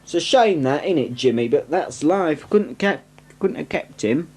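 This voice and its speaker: A man's voice: fairly high pitch, expressive, normal speed, darkish tone, breathy edge. A young man with a northern English accent, chatting and rambling cheerfully on a home video about his collection, self-mocking and full of asides. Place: at home, indoors. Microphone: camcorder microphone on a tripod. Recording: 1990s camcorder home video.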